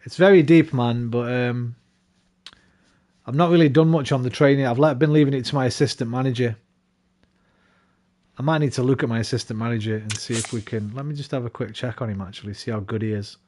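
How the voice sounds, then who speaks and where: A young man commenting on a football management game he is playing, swearing often and venting his frustration in loud bursts. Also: medium pitch, fairly quick, a little hiss or hum. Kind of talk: casual live commentary while playing.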